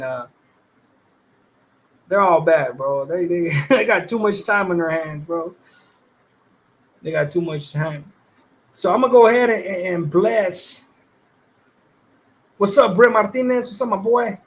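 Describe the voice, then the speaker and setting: Slangy, high-voiced man on a livestream. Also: measured pace, pauses often, a bit bright. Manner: laid-back slangy talk, swearing, greeting viewers. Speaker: livestream host. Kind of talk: casual livestream chat.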